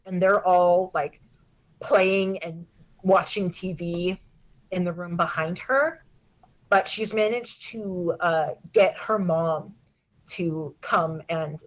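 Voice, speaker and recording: A woman narrating a tabletop role-play as game master, relaxed and full of fillers. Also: lowish voice, low-quality recording.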